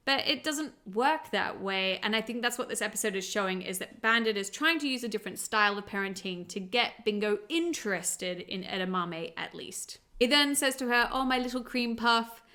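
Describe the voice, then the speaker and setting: A woman's voice: mid-range voice, animated, normal speed, hardly any pauses, pushed and bright. An Australian woman, a parent, chatting in an upbeat way as she breaks down a cartoon episode. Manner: chatty and upbeat, laughs easily. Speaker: show reviewer and parent. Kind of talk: casual episode breakdown vlog.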